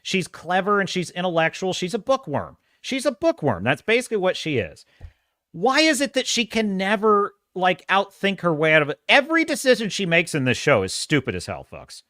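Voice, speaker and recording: Animated, high-voiced male podcast host. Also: brisk, dry recording, clean studio sound. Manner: animated and emphatic, with frequent restarts and profanity. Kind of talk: casual pop-culture commentary.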